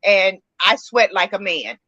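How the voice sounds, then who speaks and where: Middle-aged woman guest, frank and self-mocking, bright tone. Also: mid-range voice, a little slow, no room sound, lo-fi sound. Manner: candid and self-mocking, laughs often. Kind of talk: casual interview chat.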